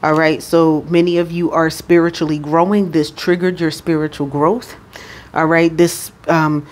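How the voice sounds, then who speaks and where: Low-voiced woman giving a spiritual reading. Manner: unhurried, frequent "all right?" check-ins; addresses the Holy Spirit aloud. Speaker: spiritual card reader. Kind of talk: intuitive reading monologue.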